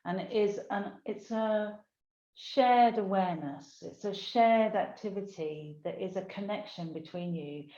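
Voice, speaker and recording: A woman's voice: medium pitch, dark tone. Heartfelt older woman in an echoey room. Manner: heartfelt, emotional, unhurried. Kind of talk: casual conversation. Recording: echoey room, dull lo-fi sound.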